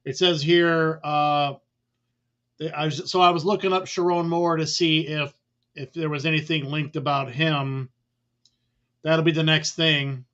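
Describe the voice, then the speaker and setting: A man, a mortgage guest on a remote call. He talks in a relaxed, rambling way with many fillers. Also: fairly high pitch, measured pace, dull audio. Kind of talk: casual remote chat.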